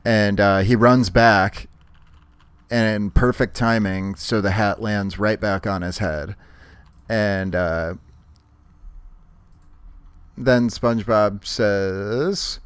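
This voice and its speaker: A man's voice: on the low side, fairly even intonation, takes it slowly, long pauses, smooth, no echo. A man co-hosting a podcast, casually recapping a cartoon episode and acting out quoted lines in playful voices. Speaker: podcast co-host.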